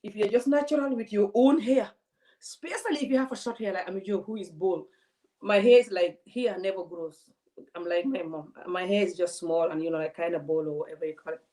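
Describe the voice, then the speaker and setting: A woman, a vlogger giving animated, indignant commentary to her audience. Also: mid-range voice, a little fast, poor audio. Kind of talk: casual commentary to a live audience.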